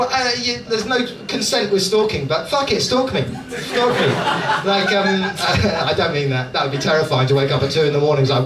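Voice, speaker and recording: Recorded from afar in a roomy London comedy club full of loud audience noise, a Dorset-born comic performs live stand-up with crowd work. His high-pitched delivery is chatty and sweary, often tagged with "right?".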